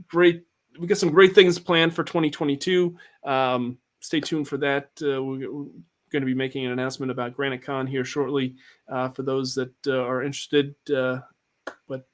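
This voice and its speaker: A man's voice: a little high, fairly bright tone. A man hosting a casual livestream chat, rambling with many fillers and restarts. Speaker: podcast host.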